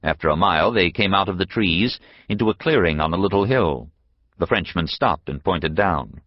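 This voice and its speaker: A man reading an unabridged novel as an audiobook narrator, measured and expressive. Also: sits low, dry recording, highs cut off. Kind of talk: scripted narration.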